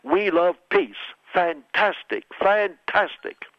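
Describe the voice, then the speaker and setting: A man's voice: high voice, expressive, takes it slowly, no room sound, voice pushed up. A blustering, self-praising older politician, as a man puts him on in a raised voice, repeating his superlatives. The sound is dull and lo-fi, like old radio, and quite dry. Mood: boastful. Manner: repetitive, bragging superlatives.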